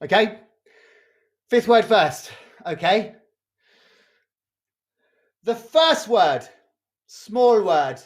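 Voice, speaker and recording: A community drama workshop leader running a charades game over a video call, pausing to check in with "okay?" after each clue. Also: mid-range voice, lively intonation.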